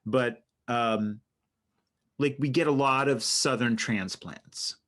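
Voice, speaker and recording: A man's voice: mid-range voice, takes it slowly, fairly bright tone. A man co-hosting a casual comedic podcast chat, playful and mock-earnest, asking about slang. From not from New York. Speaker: podcast co-host.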